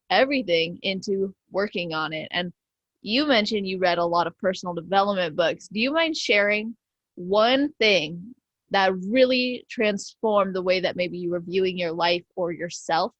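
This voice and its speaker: A woman's voice: mid-range voice, normal speed, a bit bright, no echo, dull audio. A woman hosting a podcast interview, effusive and affirming, talking casually with lots of fillers. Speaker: podcast host.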